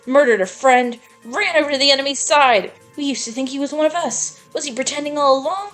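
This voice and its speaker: A bitter male gang thug from a video game rails against a traitor, cursing with heat, as a woman reads his lines aloud. The voice sits at a middle pitch, and faint game music plays underneath. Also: normal speed, lightly acted. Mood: angry. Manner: reads game dialogue aloud plainly, heated curses. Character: angry male gang member, bitter and vengeful.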